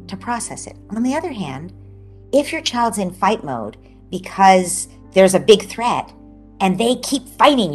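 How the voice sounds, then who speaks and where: Animated woman explaining parenting advice. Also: on the low side. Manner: animated, acts out parent and child voices, often tags "right?". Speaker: parenting expert guest. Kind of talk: explaining advice in an online interview. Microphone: video call.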